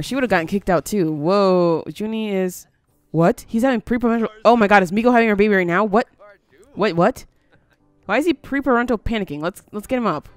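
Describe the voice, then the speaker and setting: Recorded dry, a mid-range female voice chats through casual let's-play commentary. Wearing headphones at a desk mic, she's easily surprised and keeps coaxing her game character forward.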